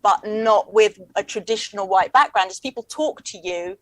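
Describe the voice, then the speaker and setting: A woman, chatting as a comedian guest in a quick, wry, joking way. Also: mid-range voice, a bit bright, dry recording, poor audio. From England. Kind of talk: casual chat.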